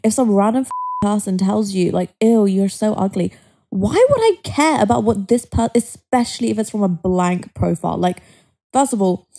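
Blunt young woman with a mellow voice. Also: mid-range voice, moderate pace, vocal fry. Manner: blunt, frequent "like", swears, laughs easily. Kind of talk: casual chat.

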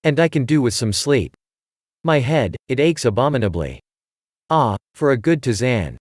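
Man voicing a shrewd fussy detective, cryptic and thoughtful, dry close sound, mid pitch. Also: sing-song, moderate pace, no room sound. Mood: musing.

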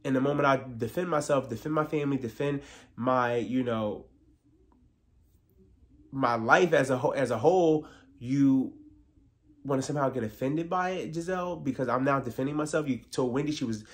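A man's voice: medium pitch, normal speed. A man giving a casual, opinionated recap of a reality TV episode, peppering his talk with "like". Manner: opinionated, filler-heavy with frequent "like". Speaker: TV recap vlogger.

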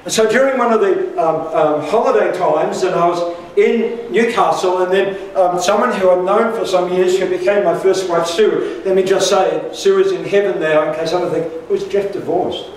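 The speaker is an older male pastor whose high-pitched voice moves at a normal speed with few pauses. He tells the congregation a humorous personal story with asides, and the sound comes from a distance in an echoey church hall.

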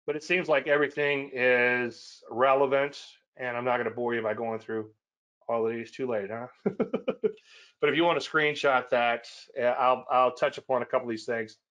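A man's voice: mid-range voice, fairly even intonation, moderate pace, fairly bright tone. A man hosting a weekly trading show, chatting casually and rambling through charts with self-deprecating asides. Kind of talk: casual webinar chat.

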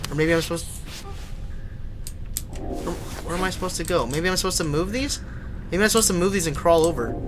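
Over some background noise, a young man with a somewhat high voice plays a horror game on a live stream. Easily startled, he curses and yelps in fright before turning back to talk with his audience.

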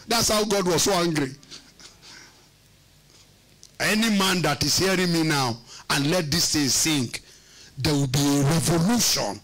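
A man's voice: on the high side, measured pace, long pauses, fairly bright tone. A man preaching a sermon as pastor, emphatic and teasing, using call-and-response questions and repeating words for effect.

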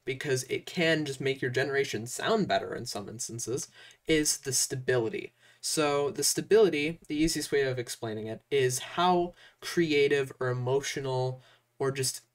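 A young man hosting a casual software tutorial, talking loosely and chattily with lots of "uh" and "like" fillers. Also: mid-range voice, recorded from a distance. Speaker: tutorial host.

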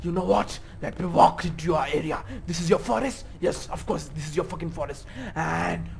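A man's voice: fairly high pitch, moderate pace, creaky. A man giving let's-play commentary on a horror game, swearing constantly and rambling nervously in a panic. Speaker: gaming YouTuber.

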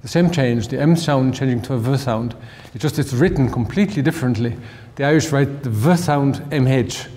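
A man giving an informal language talk, halting with many restarts and fillers, slowing down to spell out examples. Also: medium pitch, darkish tone. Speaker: language lecturer. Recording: long hall reverb.

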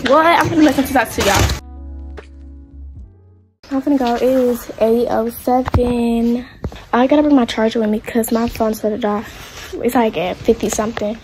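A woman's voice: on the high side, normal speed, long pauses, low-quality recording. A teenage girl, chatting casually to viewers at home on a phone camera. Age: teens. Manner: chatty, addresses viewers as y'all. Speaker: vlogger. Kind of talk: casual vlog chat. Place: home, indoors. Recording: loud music under the voice. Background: loud background music.

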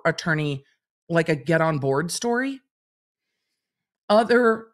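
A woman hosting a livestream, reading court documents aloud and commenting on them in a chatty, wry way. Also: fairly low pitch. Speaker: legal commentator host.

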